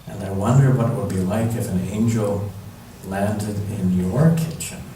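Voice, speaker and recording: A man telling a Bible story to children in church, gentle and musing. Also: fairly low pitch, moderate pace, a little hiss or hum. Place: church sanctuary. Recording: echoey church hall from far off.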